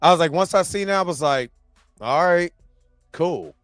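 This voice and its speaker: A man's voice: on the high side, lively intonation, normal speed, a bit bright, dry recording, soft background music. A man co-hosting a podcast, talking in a laid-back, rambling way with lots of fillers. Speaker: podcast co-host. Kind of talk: casual chat.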